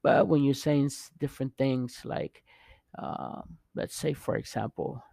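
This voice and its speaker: A man teaching Spanish vowels in a casual video lesson, pausing often to check in with the viewer. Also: mid-range voice, gravelly, warm tone. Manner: halting, restarts often, checks in with "okay?" and "right?".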